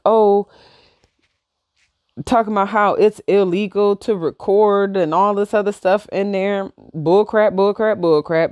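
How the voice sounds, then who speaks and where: A young woman vlogger tells a personal story with heat and momentum, acting out both sides of every exchange. Her voice sits at an ordinary middle pitch. The sound is close and dry, with no room around it. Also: no echo. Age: young adult. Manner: heated, animated retelling with quoted back-and-forth. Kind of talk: casual storytelling.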